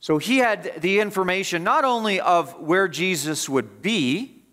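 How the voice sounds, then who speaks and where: A man preaching a sermon as pastor, emphatic and repetitive, building up and then dropping low. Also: lively intonation, measured pace, fairly bright tone. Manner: emphatic, repetitive preaching with rising and falling intensity. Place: church.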